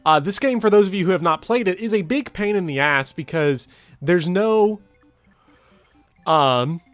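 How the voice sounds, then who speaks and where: A young man hosting a let's play, excitable and dramatic, often laughing as he reacts to the game. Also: high-pitched, unhurried, dry recording, soft background music. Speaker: gaming channel host.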